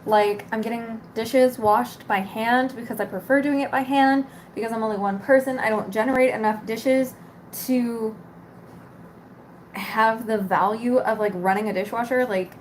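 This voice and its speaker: A woman's voice: a little high, fairly even intonation, normal speed, slight background noise. A young woman vlogger ranting casually to camera, exasperated, swearing and rambling.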